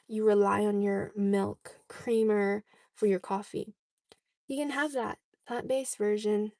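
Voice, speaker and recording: A woman's voice: mid-range voice, darkish tone, dry recording, studio quality. A young woman vlogger chatting casually, answering viewer questions and often checking in with "okay?". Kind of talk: casual chat.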